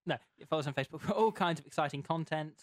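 A man from Dudley, co-hosting a podcast and throwing in quick teasing asides. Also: fairly high pitch, dry recording, clean studio sound. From Dudley, England. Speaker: podcast co-host. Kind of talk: casual chat.

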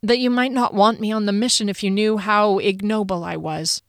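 A woman's voice: mid-range voice, steady tone, normal speed, clean tone, no room sound, studio quality, lightly acted. A woman voicing a defensive, sarcastic young warrior woman in an audiobook reading, with guarded, biting delivery. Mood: confessional.

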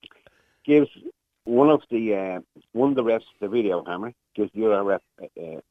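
Over a muffled phone line, a caller on a radio show, an Irish man in his sixties, tells a long, meandering story and performs the voices of its characters. His voice sits on the low side, expressive and fairly quick, with no room sound.

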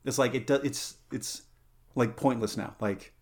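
A man's voice: mid-range voice, steady tone, unhurried. A man hosting a casual podcast chat, playful and rambling, with lots of fillers, self-corrections and side tangents. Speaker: podcast host.

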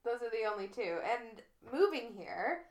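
A woman's voice: on the high side, lively intonation, normal speed. A Canadian-born woman co-hosting a podcast, chatting casually, giggly and enthusiastic. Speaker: podcast co-host. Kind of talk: casual chat. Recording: roomy echo.

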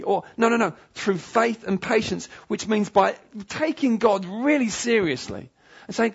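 A man's voice: high voice, brisk, creaky, husky. A man preaching a sermon, emphatic and pleading, repeating his phrases for weight. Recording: dull lo-fi sound.

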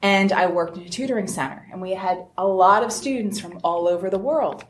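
Woman, convention panelist, lively storyteller, roomy recording, faint background noise. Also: medium pitch, fairly quick. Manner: lively storyteller, acts out quoted dialogue. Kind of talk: panel discussion, anecdotal and animated.

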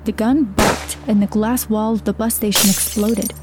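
A woman reading a horror story aloud as narrator, in a steady, measured way. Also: mid-range voice, loud music behind the voice.

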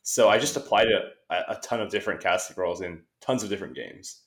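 Young man, casual podcast guest, lively storyteller, echoey room. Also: low-pitched, fast. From United States. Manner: animated storyteller, acts out quoted exchanges. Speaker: guest, esports caster.

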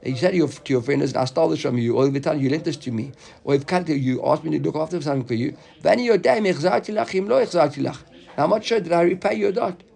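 Gravelly man teaching a casual Talmud class. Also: on the high side, animated, fast talker, darkish tone. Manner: casual, repeats words while thinking aloud.

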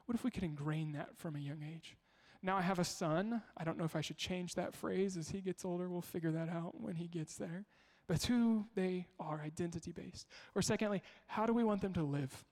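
A man's voice: high voice, a little fast, hardly any pauses, darkish tone. A male pastor preaching a sermon, telling family stories in a conversational way and asking the congregation rhetorical questions. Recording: long hall reverb.

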